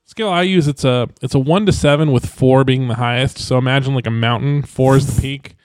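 Man, podcast co-host, casual rambling chat, middle pitch, dry close sound. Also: brisk, darkish tone, no echo. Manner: rambling, hedging with fillers.

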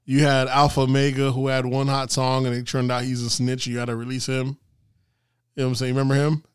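A man co-hosting a casual podcast, talking in an animated way, laughing often and swearing freely. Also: medium pitch, fairly quick, clear, resonant tone, dry recording, studio quality. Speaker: podcast co-host. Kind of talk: casual chat.

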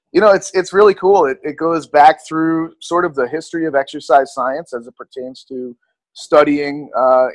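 A young man speaks as a guest in a relaxed, casual way, leaning on "like" and "you know" between thoughts. His voice is a touch high. The sound is dry and close. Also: no room sound. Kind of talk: casual interview chat.

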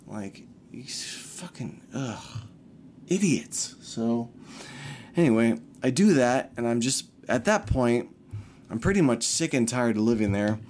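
A man's voice: medium pitch, animated, slow, a little mellow, slight background noise. Man ranting with heavy swearing. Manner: profane, heated, rambling. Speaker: storyteller. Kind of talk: casual storytime rant.

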